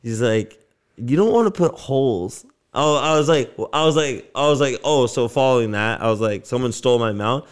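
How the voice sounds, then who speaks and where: A man co-hosting a podcast, telling stories in an animated, swearing, casual way and acting out what others said. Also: medium pitch, moderate pace, smooth. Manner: animated storyteller, swears a lot, acts out quotes. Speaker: podcast co-host. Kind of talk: casual chat.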